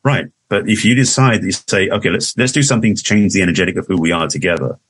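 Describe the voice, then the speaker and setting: An Englishman in his sixties, a guest in a casual interview, tells his story in a rambling way, restarting often and laughing easily. His voice is low-pitched, quick, fairly bright and slightly rough, with no room sound.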